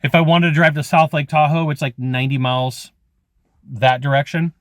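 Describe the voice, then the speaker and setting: A man's voice: fairly high pitch, steady tone, fairly quick, dry recording, studio quality. A man in his forties giving a casual, rambling motivational talk about sales, full of "like" and "okay". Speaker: sales trainer.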